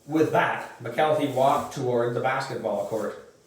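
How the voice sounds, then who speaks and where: A man slowly reading a children's book aloud at home, recorded from a distance. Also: mid-range voice. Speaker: reader. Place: room at home. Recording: echoey room, far from mic, faint noise.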